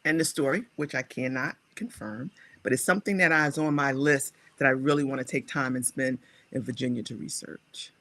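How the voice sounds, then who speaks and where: A woman guest speaker, a scholar and writer, telling her personal story in a reflective, animated way. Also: extremely low pitch, brisk, dry recording. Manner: animated, acts out her own past dialogue.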